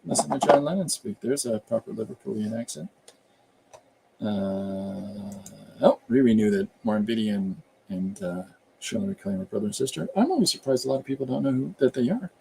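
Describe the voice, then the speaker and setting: A man's voice: mid-range voice, lively intonation, a little fast, vocal fry, a little mellow, slight background noise. A man casually chatting on a live stream, rambling about accents and reading viewer comments aloud as he goes. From Canada. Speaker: comic artist hosting a live stream.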